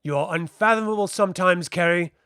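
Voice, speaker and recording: A man's voice: high-pitched, a little fast, pushed and bright, clear, resonant tone, no room sound, clean studio sound, pitched above the performer's own voice. A man reading aloud and voicing a charming, flippant castle commander who talks in a suave, teasing way. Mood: smooth. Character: charming, smooth-talking male castle commander.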